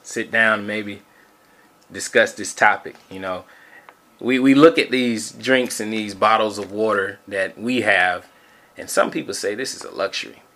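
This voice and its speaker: A man's voice: lowish voice, unhurried, bright, forceful tone. A man co-hosting a casual podcast, joking and laughing often as he banters with a friend. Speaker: podcast co-host.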